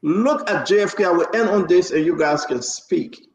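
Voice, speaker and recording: A man hosting a heated political talk show speaks with passion, talking over others and repeating himself for emphasis. His voice sits high and moves at a normal speed, and the recording is reverberant with slight background noise.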